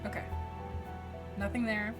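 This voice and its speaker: A woman's voice: medium pitch, little pitch movement, unhurried, over loud music. A woman streamer giving casual, joking commentary as she plays a mystery game. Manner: chatty, joking, reacting aloud with laughs.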